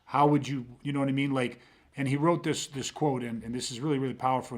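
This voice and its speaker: A man's voice: medium pitch, steady tone, fast, darkish tone. A middle-aged man on a podcast, talking intensely and swearing often, with frequent restarts as he builds a point. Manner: intense, profane, repeats words when starting sentences. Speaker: podcast host. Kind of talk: casual podcast conversation.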